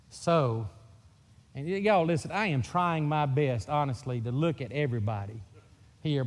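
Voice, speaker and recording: A man's voice: mid-range voice, a little mellow. A middle-aged man from Mississippi with a Mississippi Southern accent, preaching a sermon in a folksy, joking storytelling way. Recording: long reverb of a church hall.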